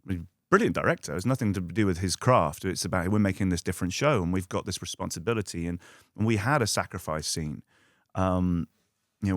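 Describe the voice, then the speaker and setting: Middle-aged guy, actor on a podcast, lowish voice, dry close sound, jumps into loud high voices for quotes. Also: no room sound. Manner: animated, acts out quotes in loud high bursts; swears casually. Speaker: actor guest. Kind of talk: casual podcast storytelling.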